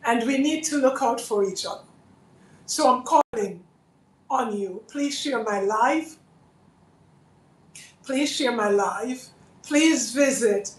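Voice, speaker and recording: Slow, pleading Jamaican woman in echoey room. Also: a little high. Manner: earnest, pleading, repeats herself. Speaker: charity founder hosting a livestream appeal. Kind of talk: live fundraising appeal. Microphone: phone. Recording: echoey room, voice a bit far off.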